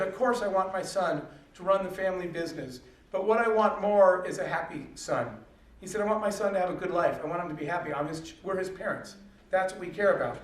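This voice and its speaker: A man giving a motivational talk to an audience, telling a story and acting out the dialogue in it. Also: high-pitched. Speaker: speaker. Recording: echoey hall from far off, faint noise.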